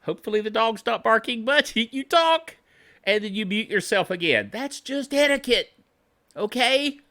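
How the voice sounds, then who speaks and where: A man hosting a tech show, talking straight to camera in a lively, swooping voice with a bright, sharp edge. He gripes like a cheerful curmudgeon, chuckles a lot and keeps asking "okay?" between his tips. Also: high voice, moderate pace. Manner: griping, self-styled curmudgeon; chuckles often, tags lines with "okay?".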